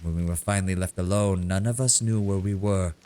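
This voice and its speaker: A man voicing a shrewd, worldly male kobold bard in a video game, speaking in a measured storytelling way. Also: deep voice, steady tone, warm tone, close to an everyday voice. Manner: measured storytelling, grows sonorous and dramatic. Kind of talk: reading game dialogue aloud.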